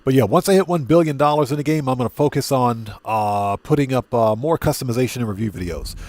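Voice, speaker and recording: A man streaming a game chats casually with his viewers, greeting them by name in a relaxed, talkative way. His mid-range voice moves at a quick pace with no echo, and he often repeats and corrects himself.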